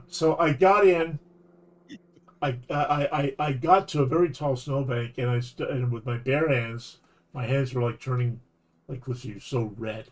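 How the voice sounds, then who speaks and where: A Canadian man streaming a game, telling a long rambling story with false starts and laughs. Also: mid-range voice. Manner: rambling, animated anecdote with restarts and laughs. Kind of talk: casual storytelling while gaming.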